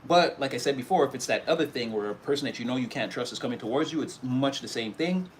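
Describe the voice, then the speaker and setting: A man's voice: medium pitch, lively intonation, fast, slight background noise. A man giving a casual spoken tarot reading, rambling and loose, with many fillers and restarts. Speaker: tarot reader.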